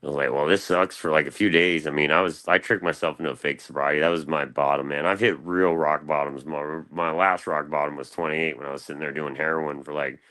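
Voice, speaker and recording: A man's voice: very deep voice, fairly even intonation, a little fast, few pauses, pushed and bright. An American man on a livestream panel, rambling casually and swearing a lot, calling everyone "dude" and "dog.". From United States. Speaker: panel guest.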